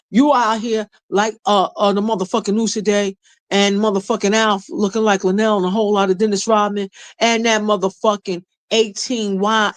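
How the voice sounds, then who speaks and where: A man delivers a loud, insult-laden rant, fired up and relentless. His voice sits fairly high for a man. The sound is dry and close. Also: no room sound. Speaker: online commentator. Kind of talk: profane ranting commentary.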